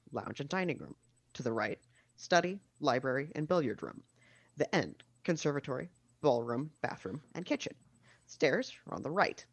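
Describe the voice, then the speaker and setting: A man narrating the stage directions of a screenplay at a casual video-call table read, with steady reading and dry asides. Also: a little high, creaky, no room sound.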